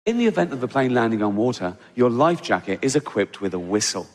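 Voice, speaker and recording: A man doing a stand-up routine, mocking and animated, with sweary asides. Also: mid-range voice, fast. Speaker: stand-up comedian. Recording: stage mic in a reverberant venue, faint noise.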